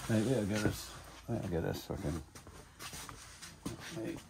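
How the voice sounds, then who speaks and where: A man's voice: lowish voice, measured pace, vocal fry, noisy background. An older Scottish man telling rambling, profane stories in casual conversation, full of fillers and asides. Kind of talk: casual storytelling.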